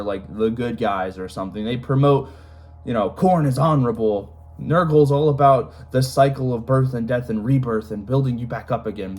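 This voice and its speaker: Young male host, casual lore rant, rambling, bursts of emphasis, everyday mid voice. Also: mid-range voice. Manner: animated, rambling, lots of fillers and sudden emphatic jumps.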